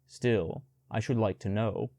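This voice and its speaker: A man's voice: on the low side, a little slow, gravelly, dark tone, dry recording, clean studio sound. Bagheera, a man doing a wry, proud black panther. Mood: mocking. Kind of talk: storybook audiobook reading.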